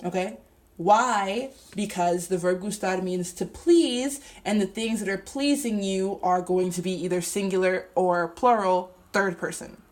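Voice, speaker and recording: A young woman teaching a grammar lesson, talking slowly and deliberately while writing on a board and spelling things out. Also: mid-range voice, darkish tone. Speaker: Spanish teacher.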